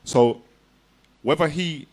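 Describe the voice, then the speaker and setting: A man's voice: fairly high pitch, slow, darkish tone. A man being interviewed, talking in a casual, slangy, reflective way and often laughing. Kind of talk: casual conversation.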